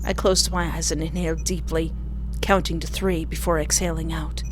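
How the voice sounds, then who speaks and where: A woman streamer reading a story game aloud and adding joking, expressive comments between lines. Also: sits low, normal speed, slight background noise.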